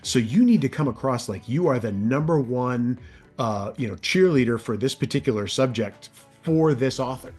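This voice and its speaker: A male voice actor and audiobook narrator chatting as an interview guest, lively and demonstrative, often sliding his pitch way up or down to show off different voices. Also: moderate pace, slightly rough, faint music behind. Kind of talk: casual interview chat.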